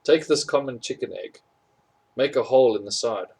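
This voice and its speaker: A man voicing a booming older male museum egg collector who explains things slowly and repeats his words. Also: gravelly, darkish tone, breathy edge. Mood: instructive.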